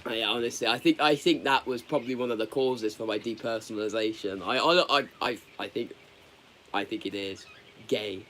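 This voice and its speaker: A man chatting candidly on a live stream, rambling and halting. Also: fairly low pitch, a bit bright, slight background noise. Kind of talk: casual live stream chat.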